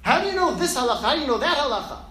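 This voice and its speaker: An eager young student questions his master in a high, insistent voice, as a teacher puts him on. The room adds a noticeable echo. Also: big pitch swings, racing, sharp tone, slight background noise, heavily acted. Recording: echoey room with faint ambience.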